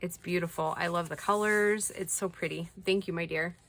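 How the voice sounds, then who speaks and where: Her lowish voice stays steady at a normal speed as she casually displays crafty packages subscribers sent. Soft-spoken and gushing over each one, she occasionally whispers.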